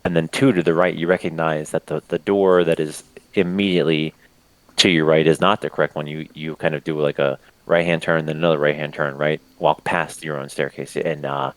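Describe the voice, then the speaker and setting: A man's voice: rumbling low, little pitch movement, fairly quick, no echo, rough recording. A man narrating a tabletop game as game master, in a loose, rambling way with restarts.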